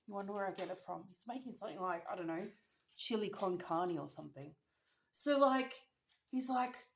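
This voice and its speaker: A woman's voice: mid-range voice, animated, moderate pace, gravelly. A young woman with an Australian accent telling a dramatic, slangy story between bites, as a vlogger. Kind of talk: storytime while eating. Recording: echoey room.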